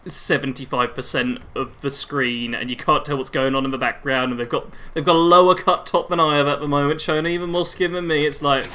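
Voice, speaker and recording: He sounds fairly high and level, brisk with few pauses, bright and forceful. The twenty-something streamer plays a game while chatting loosely with viewers, rambling and reacting to the action mid-sentence.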